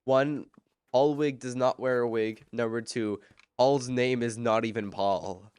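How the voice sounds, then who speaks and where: A man on a live game stream, talking casually and rambling as he answers chat between moves. His voice is smooth and clean, close to a desk mic with almost no room sound. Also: medium pitch, fairly even intonation, unhurried, a little mellow, dry recording.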